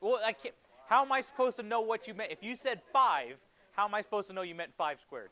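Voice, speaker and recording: A man teaching a high school math class, quizzing students and joking with them in a classroom. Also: lively intonation, fairly quick, bright, forceful tone, dull audio. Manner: instructive, asks students questions.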